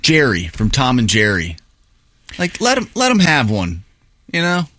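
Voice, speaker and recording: A man's voice: medium pitch, huge pitch swings, unhurried, pushed and bright. A man on a podcast panel in easygoing, agreeable casual chat.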